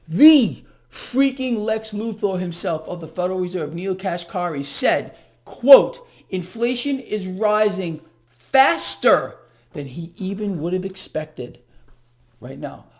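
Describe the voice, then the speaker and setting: A man's voice: high voice, animated, measured pace, darkish tone. A man hosting a solo market commentary, ranting in an agitated, sarcastic, mocking way.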